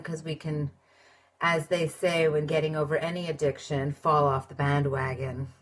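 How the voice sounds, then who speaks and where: A woman in her forties, a spiritual teacher, giving a live-streamed talk in slow, measured, flowery phrases, often listing words one by one with pauses. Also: sits low, slight background noise. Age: 40s. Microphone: live social media stream.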